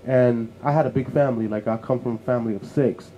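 Warm-voiced man telling stories animatedly. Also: medium pitch, fast, a little hiss or hum, poor audio. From New York City. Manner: lively storyteller who acts out family voices. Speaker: co-host. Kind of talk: casual podcast conversation.

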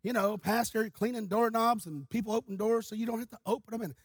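A man's voice: high voice, fast, slightly rough, no room sound. Man doing a hesitant, fussy churchgoer. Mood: complaining. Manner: hesitant, full of fillers.

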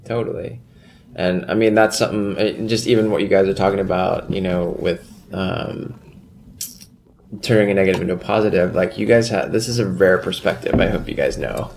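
A podcast host speaks in a very low, gravelly voice while asking questions. The manner is supportive and halting. Faint room ambience can be heard behind the voice. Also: a little mellow, slight background noise. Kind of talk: casual podcast interview.

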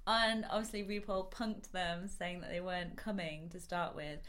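Woman, podcast co-host, casual chat, animated, laughs a lot. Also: lowish voice. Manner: animated, laughs often, quick asides. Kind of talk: casual chat about a TV show.

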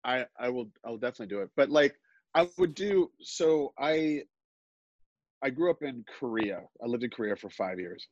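Halting, self-mocking man telling a story. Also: mid-range voice, lively intonation, a little mellow, no room sound, dull audio. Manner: halting, self-deprecating, many restarts. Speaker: guest storyteller. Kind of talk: live storytelling on a podcast.

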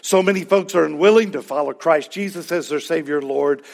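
A male pastor preaching a sermon in a conversational, emphatic way, with sudden loud peaks. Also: a little high, fairly quick, gravelly.

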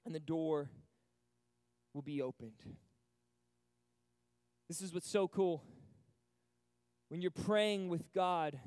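A young man with a high voice preaches an energetic sermon to young people. He swings between loud, fired-up bursts and quiet, hushed passages. The sound is close and dry, with little room echo. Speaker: youth pastor. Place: church service stage.

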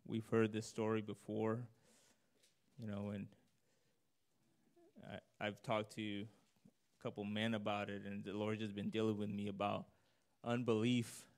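A man's voice: fairly low pitch, completely flat delivery, a little slow, long pauses, darkish tone. Earnest man preaching conversationally. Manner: earnest, conversational, rising intensity on emphasis. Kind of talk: informal sermon with scripture reading.

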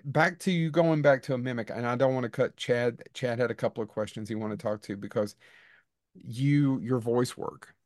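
A man's voice: mid-range voice, normal speed, no room sound. Male podcast host, eager, stammering, dry close recording. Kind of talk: casual interview.

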